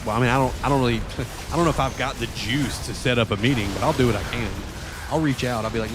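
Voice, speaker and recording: A man's voice: medium pitch, fast talker, music in the background. A man streaming a game and chatting casually, swearing freely and ranting with animation. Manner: profane, animated rant.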